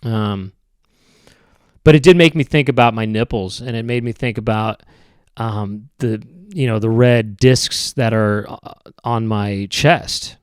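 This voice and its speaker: A man hosting a podcast, rambling through a comedic monologue in a halting, hesitant way with many restarts and drawn-out phrases. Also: fairly low pitch, smooth, no echo, studio quality. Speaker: podcast host.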